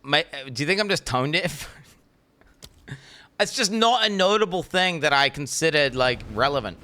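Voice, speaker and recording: A young adult man streaming a game, chatting casually with his viewers and ranting excitably, swearing freely. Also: on the high side, moderate pace. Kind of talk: casual live-stream chat.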